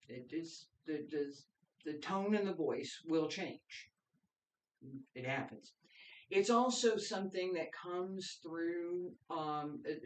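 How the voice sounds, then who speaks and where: Slow, calm man teaching qigong. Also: fairly high pitch, distant mic. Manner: slow, calm counting of breaths. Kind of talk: guided practice and explanation. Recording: echoey room, voice from off-mic.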